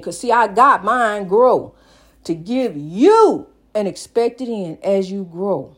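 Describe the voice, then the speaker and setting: A woman giving a preaching motivational talk, repeating phrases and calling the listener honey. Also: medium pitch. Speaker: speaker on faith and recovery.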